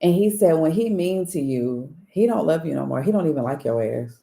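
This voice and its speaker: A woman with a low, mellow voice chats casually with her viewers. She tells stories in a lively, swooping way, candid and profane, often breaking into laughter. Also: brisk, vocal fry. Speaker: spiritual reader and channel host. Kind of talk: casual storytelling chat to viewers.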